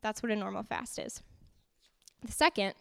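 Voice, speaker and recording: A woman giving an interactive youth sermon in a church hall, lively and repeating her points to keep the group's attention. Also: mid-range voice, normal speed, creaky. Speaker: youth teacher. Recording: long hall reverb.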